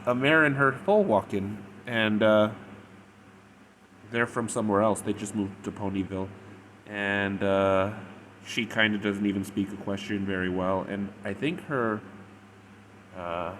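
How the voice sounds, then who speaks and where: Low-voiced man rambling through a review. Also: a bit bright, slight background noise. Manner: rambling retelling, full of "like" and "or whatever". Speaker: fanfic reviewer. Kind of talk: casual spoken review.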